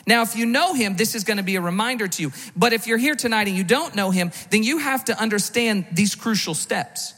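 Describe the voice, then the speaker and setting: A man's voice: high-pitched, expressive, fairly quick, hardly any pauses, bright, forceful tone, long reverb tail. A man preaching a sermon as pastor, conversational, with rhetorical questions and frequent restarts. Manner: repeats words when restarting.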